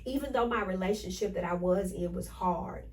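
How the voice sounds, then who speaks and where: A woman hosting a motivational podcast, talking in an energetic, preachy way and repeating affirmations to her listeners. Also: mid-range voice, normal speed, recorded from a distance, poor audio. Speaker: podcast host.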